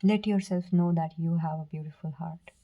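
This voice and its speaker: A woman giving a pick-a-card tarot reading, speaking softly and earnestly to the viewer, with fillers, restarts and brief whispers. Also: on the low side, steady tone, normal speed, highs cut off. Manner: soft, earnest, direct address with fillers and self-corrections. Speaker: tarot reader.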